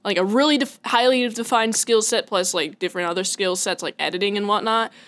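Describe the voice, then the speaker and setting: A woman's voice: mid-range voice, brisk, a bit bright. A woman from Washington state co-hosting a podcast in casual chat, chatty and giggly, with many fillers. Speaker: podcast co-host.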